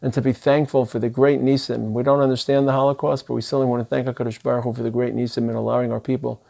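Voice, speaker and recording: Middle-aged rabbi, earnest and emphatic, mid-pitched man's voice. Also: gravelly, dark tone. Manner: earnest, emphatic delivery sprinkled with Hebrew and Yiddish terms. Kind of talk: sermon.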